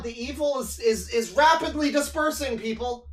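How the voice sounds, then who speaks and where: A man's voice: very high-pitched, animated, normal speed, slight background noise. A man streaming from a home setup with a desk microphone, reacting to videos with exasperated, sweary ranting. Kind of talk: live-stream reaction commentary.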